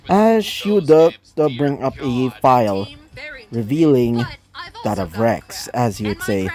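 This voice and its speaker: A man's voice: medium pitch, sing-song, measured pace, darkish tone, faint music behind. A man improvising a fan-made crossover story aloud, rambling with many fillers and restarts.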